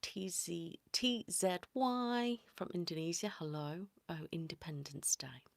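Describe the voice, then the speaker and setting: A woman hosting a whispered ASMR livestream, greeting viewers by name in a soft whisper. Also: lowish voice, unhurried, creaky, no echo. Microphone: close sensitive mic.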